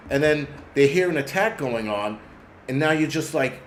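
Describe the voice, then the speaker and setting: Casting note: male host, casual profane rant, rambling and searching for words, mid-pitched, roomy echo with a faint background hum. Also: lively intonation, normal speed. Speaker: prepper channel host. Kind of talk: casual ranting monologue. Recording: echoey room with faint ambience.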